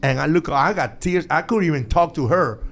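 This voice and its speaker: A middle-aged man chatting as a studio guest on a podcast. His voice sits a little high, and he laughs often. His English is animated and loose, with non-native grammar. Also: moderate pace. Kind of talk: casual podcast chat.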